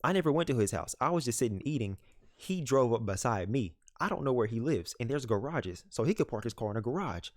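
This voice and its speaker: A young man casually retelling a story for his vlog, animated, with many fillers. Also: mid-range voice, fast, no echo, studio quality. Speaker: vlogger. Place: home room, dog nearby.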